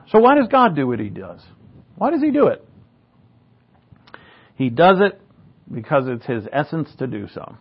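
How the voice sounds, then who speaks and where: A man with a fairly high voice preaches a sermon in an easy, conversational manner. He keeps asking the congregation rhetorical questions and drops in wry asides. The recording sounds dull and lo-fi. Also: very animated, a little slow, long pauses, husky. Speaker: pastor.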